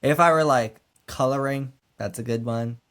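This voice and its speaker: A man co-hosting a book podcast, talking in a relaxed, casual way with lots of filler words. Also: medium pitch, moderate pace. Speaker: podcast co-host.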